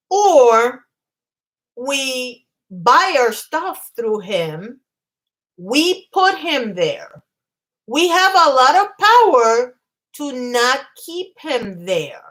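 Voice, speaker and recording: A woman's voice: a little high, fairly bright tone. A woman hosting a casual livestream, talking in a chatty, emphatic way and reacting to her live chat. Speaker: livestream host.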